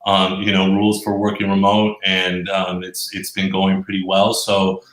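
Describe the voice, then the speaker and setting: A man talking as a guest on a live online show from his office, relaxed and a little hesitant. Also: low-pitched, moderate pace, roomy sound, rough recording. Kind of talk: casual interview chat.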